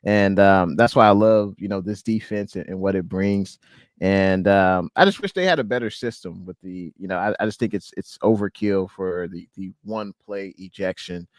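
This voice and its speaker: A man hosts a casual sports chat on a live stream, talking loosely and reading out names from the chat. His voice sits a little low. The sound is close and dry, with no room around it. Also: normal speed, no echo. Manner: relaxed, loose talk with fillers, reads out chat names. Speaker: podcast host.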